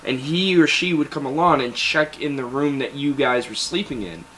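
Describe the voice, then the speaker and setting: A young man casually telling animated stories about basic training, often breaking into laughter. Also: medium pitch, moderate pace, slight background noise. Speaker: guest. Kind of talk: casual storytelling.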